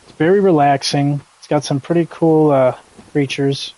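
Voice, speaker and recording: A man's voice: fairly high pitch, steady tone, normal speed, warm tone, rough recording. A young man streaming a game live, chatting in a rambling, laid-back way with casual swearing. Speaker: gaming streamer. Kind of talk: casual live gameplay commentary.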